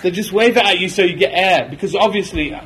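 A young man explaining things in a relaxed chat with friends. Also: sits high, fast talker, slightly rough, low-quality recording. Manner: explaining, laughs often. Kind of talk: casual chat.

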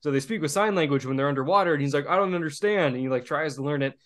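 A man's voice: fairly high pitch, rapid-fire. A man co-hosting a casual podcast, laid-back, laughing along and retelling movie scenes. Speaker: podcast co-host.

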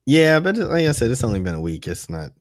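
A man's voice: mid-range voice, sing-song, fairly quick, slight background noise. A man co-hosting a podcast in casual chat, easygoing and offhand. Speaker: podcast co-host.

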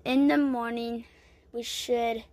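A woman's voice: on the high side, level tone, slow pace, a little mellow, no room sound. A woman narrating an improvised toy play, playful and full of exclamations as she voices the toys.

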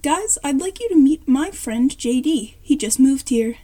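A chatty, cheerful young boy with lots of sisters, played by a woman reading a story. He is helpful and eager, and his voice sits high and a bit raised. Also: lively intonation, a little slow, dark tone.

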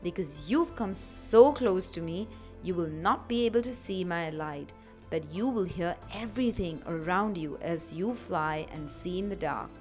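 The Sun as a kind, weary male spirit in a children's storybook, speaking low and soft, as a woman plays him. Faint music sits under the voice. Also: expressive, unhurried. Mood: gentle.

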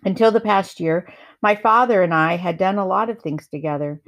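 A woman reads a first-person novel aloud, narrating in a calm, measured way. Her voice sits on the low side for a woman. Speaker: reader.

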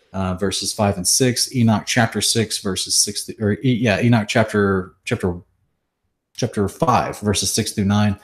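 Low-voiced man teaching scripture earnestly. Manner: earnest, quotes verses rapidly with chapter numbers. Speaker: Bible teacher.

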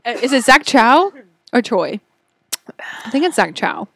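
A woman's voice: a little high, sing-song, unhurried, creaky, fairly bright tone, slightly rough, no echo. A young woman co-hosting a casual chat podcast, giggly and gushing, swearing casually. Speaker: podcast co-host.

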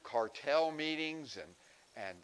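A man's voice: fairly high pitch, animated, takes it slowly, clean tone, pitched above the performer's own voice, low-quality recording. A man voicing a boastful retired talking dog in a folksy, rambling way.

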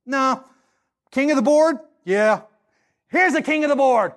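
A man preaching a sermon as pastor, telling stories and acting out the dialogue with animated delivery. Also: very high voice, a little slow, pauses often.

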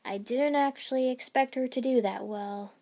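A woman's voice: high voice, moderate pace, dark tone. A woman reading the lines of a blunt young male ninja, dry and grumbling.

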